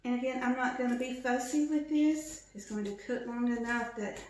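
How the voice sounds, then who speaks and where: A woman's voice: on the high side, normal speed, a little mellow, very echoey, far from the mic, slight background noise, rough recording. A woman giving a casual cooking demonstration in her home kitchen, chatty and self-mocking, laughing often. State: teary from chopping onions.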